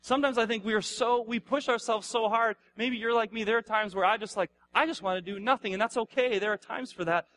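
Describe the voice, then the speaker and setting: A man's voice: high-pitched, fairly bright tone. A man in his thirties, a pastor giving a casual sermon to a live audience, conversational and playful, often asking the crowd questions. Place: church hall before a live audience.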